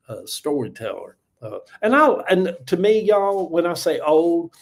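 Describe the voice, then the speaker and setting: Folksy older Southern man, mellow voice. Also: a little high. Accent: Southern US (Georgia). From Georgia, US. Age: 70s. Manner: rambling, folksy, thanks viewers, trails off with many uhs. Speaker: livestream host. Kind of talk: casual livestream chat.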